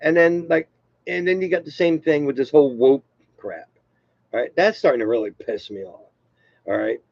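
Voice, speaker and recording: A man with a gravelly, creaky voice rambles through a self-deprecating comedy monologue on a live stream from home. His pitch sits in an ordinary middle range. The sound is dry and a little muffled, as on a lo-fi webcam mic. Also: normal speed, a little mellow, no echo. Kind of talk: rambling casual stand-up monologue.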